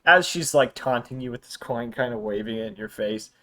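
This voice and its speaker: A man narrates a tabletop game as game master at an ordinary middle pitch. He talks loosely and chattily and breaks into laughs often. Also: a little fast, pushed and bright.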